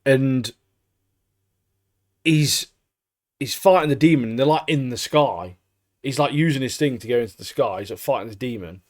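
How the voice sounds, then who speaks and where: A man co-hosting a podcast, recapping anime in casual chat, lively and laughing, acting out the characters' lines. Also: medium pitch, moderate pace, long pauses. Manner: animated, acts out characters' lines, laughs often. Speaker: podcast co-host.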